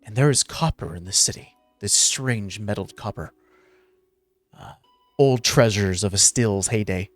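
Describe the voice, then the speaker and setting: A man's voice: lowish voice, unhurried, soft background music. A man narrating as game master of a tabletop game, rambling with many filler words.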